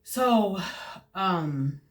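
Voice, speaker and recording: A young adult woman hosting her own show, telling her personal story in a halting, emotional way with many fillers and restarts. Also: medium pitch, expressive. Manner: emotional, voice dropping at times. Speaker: host sharing personal testimony. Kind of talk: personal testimony monologue.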